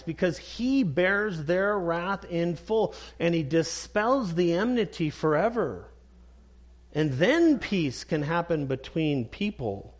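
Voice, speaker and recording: A man preaching a sermon, emphatic and repetitive, clearing his throat now and then. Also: high voice. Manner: emphatic, slow preaching with repeated phrases. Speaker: pastor.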